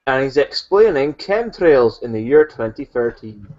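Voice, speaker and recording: A man's voice: mid-range voice, sing-song, unhurried, a little mellow, muffled recording. A man co-hosting a comedy show, explaining things.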